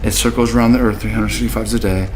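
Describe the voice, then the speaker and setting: A man talking in a rambling, casual monologue to his camera, dropping absurd jokes in a deadpan way. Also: lowish voice, fast, a little hiss or hum. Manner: jokey, absurd deadpan asides. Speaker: vlogger.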